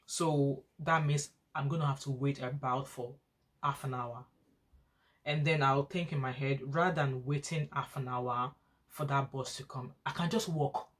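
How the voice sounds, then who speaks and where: A woman who is a student nurse and mother of school-age children tells a long personal story in a casual vlog. She rambles, often restarting her sentences and repeating herself, in an extremely low-pitched, steady, unhurried voice.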